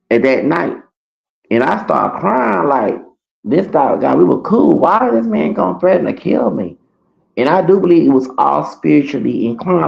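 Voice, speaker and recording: A man's voice: a little high, creaky, muffled recording. A man telling a rambling, profane story on a casual livestream through a computer mic. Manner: rambling, profane, repeats himself.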